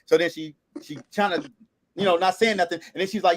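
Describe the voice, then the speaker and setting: Podcast host, man, high voice, quick delivery, animated storyteller who swears freely. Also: no echo.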